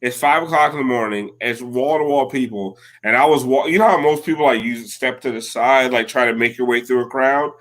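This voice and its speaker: A man's voice: mid-range voice, a little fast, hardly any pauses, a bit bright. A man in his thirties chatting casually, rambling through stories with lots of filler words and swearing. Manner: rambling storyteller, heavy filler "like", profane. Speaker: podcast co-host. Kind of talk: casual chat.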